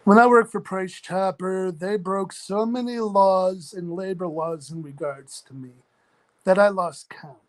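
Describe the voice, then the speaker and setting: A man in his forties casually telling a long personal story in a rambling, earnest, matter-of-fact way. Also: high-pitched. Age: 40s. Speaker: chat room participant.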